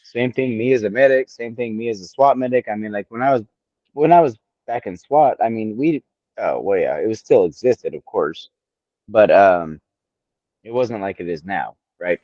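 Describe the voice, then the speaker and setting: A man's voice: on the low side, lively intonation, moderate pace, dark tone, no room sound, lo-fi sound. A man in his forties co-hosting a casual podcast chat, blunt and profane. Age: 40s. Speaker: podcast co-host.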